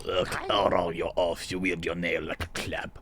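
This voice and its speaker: A man voicing a gruff, low game warrior. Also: completely flat delivery, normal speed, a bit bright.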